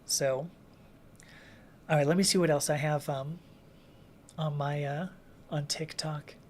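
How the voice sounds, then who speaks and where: A woman's voice: low voice, steady tone, slow pace, darkish tone, a little hiss or hum. Chatty woman reading viewer comments. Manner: chatty, reads viewer comments aloud, laughs often, many restarts. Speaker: livestream host answering chat questions. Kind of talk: casual livestream Q&A.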